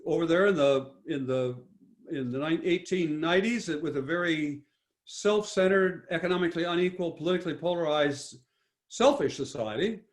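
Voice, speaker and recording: An older man giving a talk with slides, speaking emphatically with many restarts and self-corrections. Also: a little high. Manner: rambling, frequent restarts, emphatic. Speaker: guest speaker.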